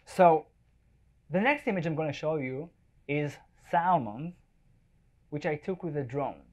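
A man's voice: on the high side, animated, a little slow. Male presenter, photographer at a live event, casual and jokey, keeps asking the room if they follow. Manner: chatty, jokey, checks in with the audience. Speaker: wildlife photographer giving a talk. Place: event space before a live audience.

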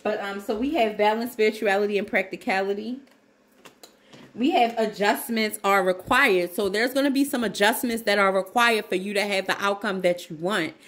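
A woman's voice: medium pitch, moderate pace, fairly bright tone, echoey room. A woman giving a casual tarot reading to her viewers. She laughs often and exclaims as she talks to them. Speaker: tarot reader.

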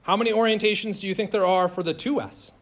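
Male chemistry instructor, slightly high voice, informal and jokey, quizzes the room as he lectures. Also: quick pace. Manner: informal, joking, questions to students. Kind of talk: classroom lecture. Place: lecture classroom.

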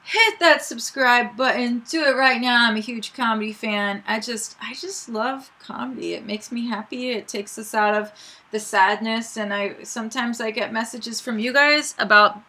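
Bright, bubbly woman vlogger. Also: a little high, moderate pace. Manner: bubbly, chatty, rambling. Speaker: YouTube reaction host. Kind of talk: casual chat to camera.

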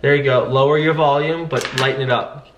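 A man's voice: medium pitch, fairly even intonation, brisk, a bit bright, roomy sound, dull audio, a little hiss or hum. A man coaching sales agents in a casual way, acting out friendly phone greetings. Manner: acts out upbeat phone greetings. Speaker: sales trainer.

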